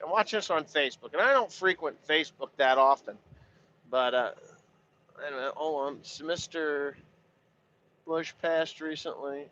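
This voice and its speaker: Blunt, rambling farmer with a bright voice. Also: male voice, a little high, lo-fi sound, a little hiss or hum. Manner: blunt and profane, full of "you know" fillers. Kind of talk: casual rambling monologue.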